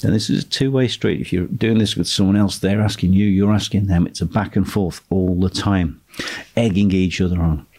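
In a deep voice at normal speed, a man tutors on property investment. His delivery is a steady instructional monologue, with key phrases repeated to make his points stick.

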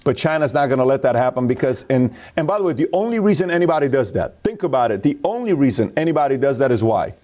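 Emphatic man with a mellow voice. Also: mid-range voice, very animated, quick pace, hardly any pauses. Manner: emphatic, storytelling with acted quotes. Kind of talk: opinionated casual talk.

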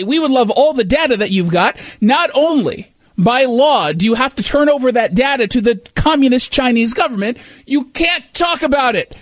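High-voiced sarcastic male talk show host. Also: dry recording. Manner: sarcastic, mocking. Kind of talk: opinionated talk show commentary.

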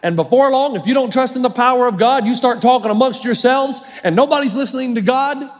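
A male pastor preaching a sermon, telling the story lively with jokes and acted-out voices. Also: extremely high pitch, brisk, big-room sound.

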